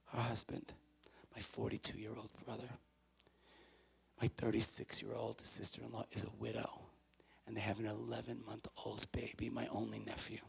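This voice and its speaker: A man speaking as a motivational speaker to a college audience. He is emphatic and repeats his key phrases, swinging from loud to hushed. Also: on the low side, monotone, normal speed, creaky, husky. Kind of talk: motivational talk to students. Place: college event before a student audience.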